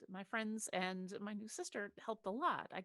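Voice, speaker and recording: A woman's voice: mid-range voice, normal speed, fairly bright tone, no echo, studio quality. A woman taking part as a player in a tabletop game, playful and enthusiastic. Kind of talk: casual chat.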